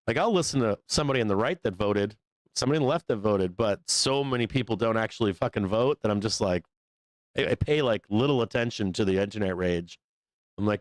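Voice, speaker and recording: A man's voice: fairly low pitch, fast, no echo. A man hosting a live show, ranting casually in a rambling, profane way and laughing often between points. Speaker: livestream host.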